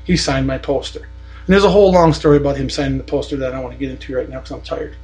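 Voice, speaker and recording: A man's voice: medium pitch, very fast, darkish tone, soft background music, poor audio. A man on a podcast telling a long, indignant story in a blunt, profane, casual way. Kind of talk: casual ranting anecdote.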